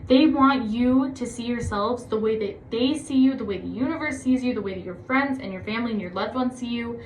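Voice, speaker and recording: A woman giving a casual tarot reading to her viewers, chatty and encouraging, often gushing with excitement. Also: on the high side, a little fast, a little hiss or hum. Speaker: tarot reader. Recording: echoey room.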